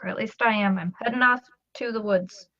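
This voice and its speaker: A woman playing a tabletop game, brisk and decisive. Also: medium pitch, pushed and bright. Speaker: player. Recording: dull lo-fi mic.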